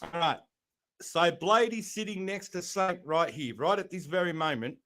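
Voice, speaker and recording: A man from Australia talks through events on a live-stream panel. His voice sits a little high, and he rambles and restarts as he explains. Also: moderate pace, a bit bright. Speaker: panel guest. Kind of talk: casual live-stream chat.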